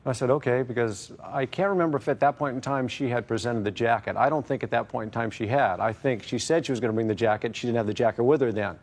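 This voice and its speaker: A man's voice: mid-range voice, fast, hardly any pauses. Hesitant man giving courtroom testimony. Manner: hesitant, wordy, repeats stock phrases. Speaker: litigant in a courtroom show.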